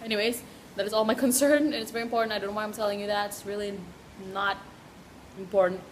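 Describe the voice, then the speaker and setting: A woman's voice: medium pitch, steady tone, quick pace, noisy background. A young woman vlogging casually into a handheld camera, chatty and giggly, rambling a little as she talks. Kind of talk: casual vlog chat. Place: hotel room and outdoor sights.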